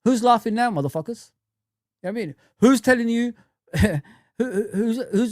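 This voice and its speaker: A man's voice: very high voice, expressive, normal speed, a little mellow, dry recording, clean studio sound. A man hosting a football fan livestream, ranting heatedly with lots of swearing and repetition, then chatting with viewers. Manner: heated, swearing, repeats himself. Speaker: football fan channel host. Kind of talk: livestream rant and chat.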